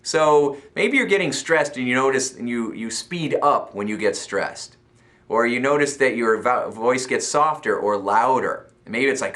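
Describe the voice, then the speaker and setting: Bright-voiced upbeat American coach. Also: male voice, mid-range voice, expressive, normal speed. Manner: upbeat, laughs often, acts out voices. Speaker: self-help coach. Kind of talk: motivational talk.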